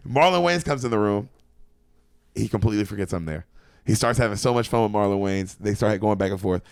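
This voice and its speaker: Fast-talking comedian guy telling a wild story, swears a lot, does the voices. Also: fairly low pitch, gravelly, clear, resonant tone, no room sound, studio quality. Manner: animated, profane, acts out voices in stories. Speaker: comedian guest. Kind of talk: casual storytelling chat.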